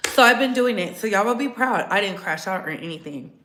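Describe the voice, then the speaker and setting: A woman's voice: mid-range voice, lively intonation, brisk, reverberant, background noise. A woman hosting a casual livestream, blunt and sassy, talking straight to her viewers in the chat. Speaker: livestream host.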